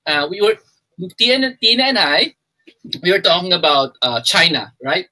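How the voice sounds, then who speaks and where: A man's voice: high voice, sing-song, moderate pace, sharp tone, poor audio. A man from the Philippines hosting a casual live-stream chat, playful and joking, slipping in Filipino phrases. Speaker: host.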